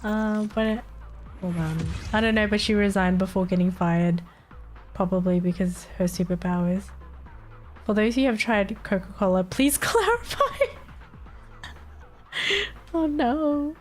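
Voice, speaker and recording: A woman's voice: mid-range voice, fairly even intonation, moderate pace, a little mellow, soft background music. A young woman streaming live, chatting casually with her chat, swearing and laughing often, her nose blocked so she sounds stuffy.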